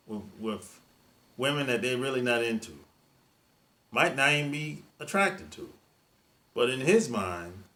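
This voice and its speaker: Dating-coach host, male, bright and pushy delivery, colloquial grammar, repeats himself for emphasis. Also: medium pitch. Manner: emphatic, repetitive, preachy; colloquial, drops verb endings. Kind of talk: monologue dating advice.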